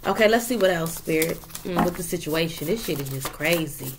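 Over heavy background noise, a woman with a fairly low, expressive voice gives a brisk, casual tarot reading to her viewers. She's profane and emphatic, ending points with "okay?" and "period."

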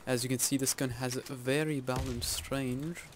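A man giving live gameplay commentary, excitable and self-mocking, yelping and groaning as he plays. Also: mid-range voice, normal speed, background noise. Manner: excitable, yelps and groans at in-game deaths; self-mocking, joking asides. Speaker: video game YouTuber. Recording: loud game gunfire under the voice.

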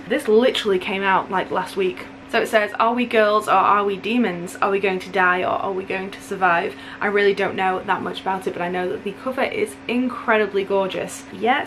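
A woman's voice: medium pitch, slight background noise, low-quality recording. Gushing young woman book vlogger. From United Kingdom. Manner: gushing and excitable, quick asides. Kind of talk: casual chat.

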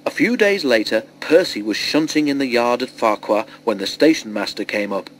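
A man reading a children's storybook aloud in a steady, expressive storytelling voice. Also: medium pitch, moderate pace, hardly any pauses, rough recording. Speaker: storybook reader.

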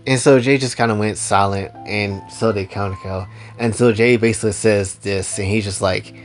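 Laid-back man recapping a story, low voice. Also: fairly even intonation, moderate pace, hardly any pauses, soft background music. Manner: casual, slangy and loose.

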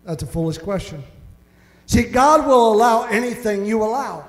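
A man's voice: high-pitched, lively intonation, normal speed. A man preaching a sermon as pastor, mimicking whiny complainers as he talks. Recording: echoey hall reverb.

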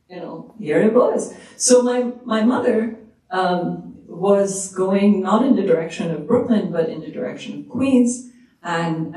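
A woman from Iran, an author answering a moderator's question in a measured, reflective way, with frequent fillers and restarts. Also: lowish voice, mellow. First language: Persian. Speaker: author, guest. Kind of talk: storytelling answer in a moderated talk. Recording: echoey room, distant mic.

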